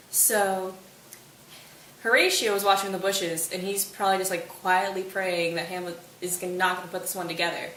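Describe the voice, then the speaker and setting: A woman retells a play casually, wry and full of slang, her voice at an ordinary middle pitch. She sits a little away from the mic in a roomy space, with faint hiss behind her. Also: a bit bright, far from the mic. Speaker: student summarizing a play.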